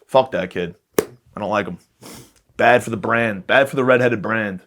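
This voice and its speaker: A man's voice: lowish voice, moderate pace, long pauses, a bit bright. A man hosting a podcast, riffing in a crude, rambling comic monologue. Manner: crude, rambling, jokey, drops into quoted voices. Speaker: podcast host. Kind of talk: casual comedic monologue.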